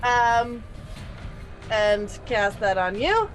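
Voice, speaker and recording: Female player, unhurried and chatty, slightly high voice. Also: sing-song, faint music behind. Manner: chatty, full of fillers and laughs. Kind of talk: casual tabletop game play.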